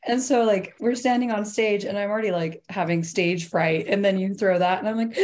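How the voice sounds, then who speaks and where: A woman co-hosting an interview, telling an animated anecdote with frequent laughter. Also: medium pitch, fairly quick, few pauses. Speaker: co-host. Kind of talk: casual storytelling in chat.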